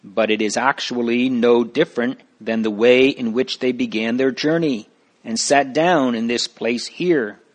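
A patient, wise male guide from a storybook speaks in a slow, grave, instructive way, as a man reads him. His pitch sits at an ordinary middle level. He takes his time over every phrase. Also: natural voice. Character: Mister Greatheart, steady wise male guide. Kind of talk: storybook reading.

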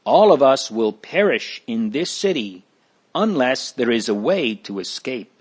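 A man voicing an anguished father who pleads with his family about a coming doom, in a slow storybook reading. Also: mid-range voice, very animated, breathy edge. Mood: despairing. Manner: desperate, pleading. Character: anguished father with a heavy burden.

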